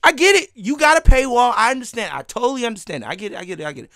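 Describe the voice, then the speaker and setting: Man, live stream rant, heated, lively pitch, dry close sound. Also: rapid-fire, dry recording. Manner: heated, swearing, laughing between lines.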